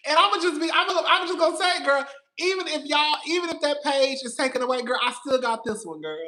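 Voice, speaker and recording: Here a reality TV commentary host runs a laid-back live stream, his voice very high, animated and bright with a forceful edge. He talks quickly and straight to his audience, rambling on with plenty of sass and swearing.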